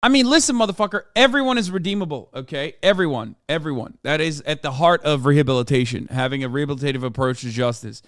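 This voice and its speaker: A man's voice: a little high, quick pace, few pauses, fairly bright tone, no echo, studio quality. A man hosting a casual live-stream reaction, talking bluntly with lots of swearing and incredulous outbursts. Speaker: streamer host.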